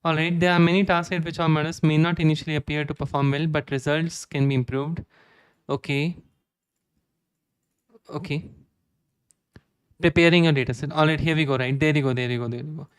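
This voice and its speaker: A young man with an Indian accent streaming live code, reading documentation aloud and thinking out loud with many "okay"s. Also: on the high side, level tone, brisk, pauses often, clean tone, dry recording. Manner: reads docs aloud, frequent "okay" fillers.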